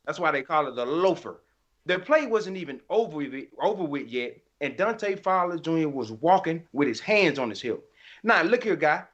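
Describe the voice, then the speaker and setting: A man with a high voice rants on a sports podcast, emphatic and colloquial, clearly fired up. His audio is slightly dull and lo-fi. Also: animated, normal speed. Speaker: podcast co-host. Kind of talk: heated sports podcast rant.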